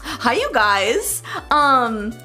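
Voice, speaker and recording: A woman's voice: fairly high pitch, sing-song, very slow, sharp tone, soft background music. A woman chatting and giggling through a casual cooking livestream, greeting her chat.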